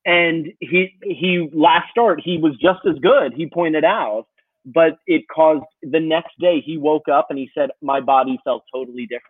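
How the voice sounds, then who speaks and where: A man's voice: on the high side, unhurried, husky, no echo. A man co-hosting a sports podcast, ranting in casual, profane chat. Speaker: podcast co-host. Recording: tinny phone-like line.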